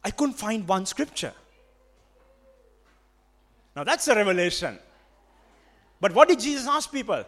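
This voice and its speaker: A man's voice: sits high, very animated, unhurried, long pauses, fairly bright tone. A man with a Sri Lankan accent preaching a sermon, emphatic and repetitive, switching between English and Sinhala.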